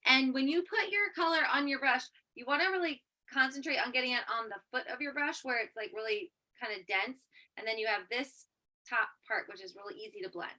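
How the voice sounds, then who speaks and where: A woman's voice: high-pitched, a little fast, pushed and bright. A woman co-hosting a casual makeup tutorial, explaining each step in an upbeat, instructive way. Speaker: co-host.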